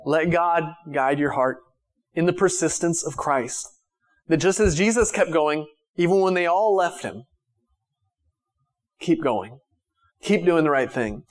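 A man with a slightly high voice delivers a sermon to his congregation. He talks casually, full of fillers and restarts, and moves from raised, emphatic lines to hushed, gentle ones. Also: animated, a little slow, long pauses. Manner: conversational preaching with restarts and fillers. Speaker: pastor.

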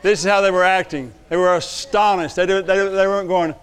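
A pastor preaching a lively sermon to his church, dropping to quiet asides and then calling out loud. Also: high-pitched, fairly quick, clear, resonant tone. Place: church sanctuary.

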